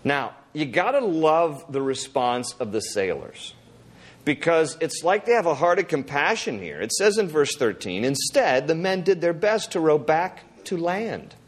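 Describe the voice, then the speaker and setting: Pastor, male, higher voice, casual joking sermon delivery with acted asides. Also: big pitch swings, measured pace.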